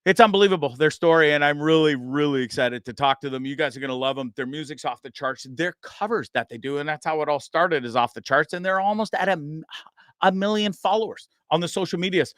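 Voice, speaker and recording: A Canadian man in his fifties hosting a live-streamed talk show, rambling and joking with lots of shout-outs and fillers. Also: a little high, quick pace, dry recording. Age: 50s. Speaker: host.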